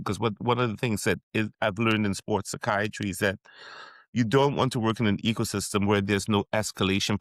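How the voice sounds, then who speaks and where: A man's voice: lowish voice, gravelly, no echo. A middle-aged man from Trinidad and Tobago, a sports psychiatrist giving a podcast interview, who speaks reflectively with frequent restarts.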